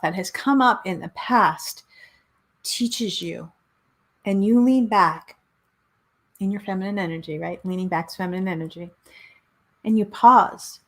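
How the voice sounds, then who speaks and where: A middle-aged woman hosting a spiritual talk show, speaking earnestly and repeating phrases for emphasis. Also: medium pitch. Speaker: host, spiritual coach. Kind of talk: motivational talk show monologue.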